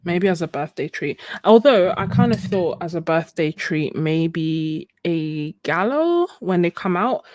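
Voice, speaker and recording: A young woman with a lowish voice talks casually to her viewers while she paints, answering their comments and laughing often. The sound is dry and close, with no room around it. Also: lively intonation, a little slow, hardly any pauses, darkish tone, dry recording. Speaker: live-stream art host. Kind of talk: casual chat while painting on a live stream.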